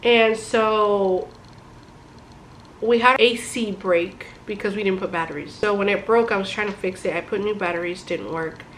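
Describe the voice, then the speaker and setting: A woman's voice: mid-range voice, moderate pace, a little hiss or hum, low-quality recording. Chatty young woman giving life advice. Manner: chatty and animated, addresses viewers as guys. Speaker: vlogger. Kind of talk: casual advice talk to camera.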